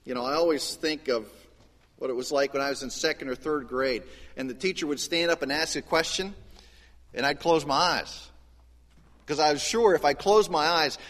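A man gives a sermon in a church sanctuary, pitched a little high for a man. His delivery is animated, dropping low and quiet, then climbing high and loud. A long reverb from the hall trails every phrase. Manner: animated preaching with wide swings of pitch and loudness. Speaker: pastor.

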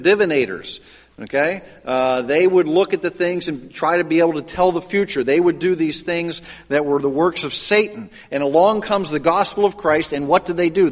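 Man, pastor, sermon, earnest conversational delivery, slightly high voice, long reverb.

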